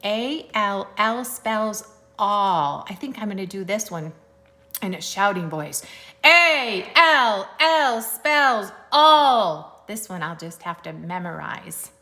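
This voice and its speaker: This teacher's medium-pitched voice carries a slight brightness. She spells out sight words for young kids in a recorded lesson, keeping it slow, clear, and playfully sing-song.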